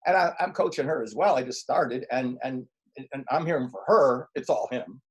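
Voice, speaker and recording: Middle-aged male life coach, slightly husky voice, animated interview storyteller who acts out his quotes. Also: mid-range voice, normal speed.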